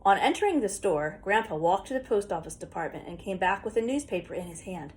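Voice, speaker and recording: Woman narrating an audiobook, steady plain reading, mid-pitched voice. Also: a little fast. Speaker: audiobook reader. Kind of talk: first-person audiobook narration.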